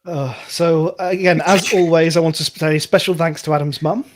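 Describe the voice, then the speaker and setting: A man's voice: a little high, fairly even intonation, normal speed, noisy background. A man co-hosting a casual gaming show, talking in a hesitant way with repeated words and frequent laughter. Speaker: co-host.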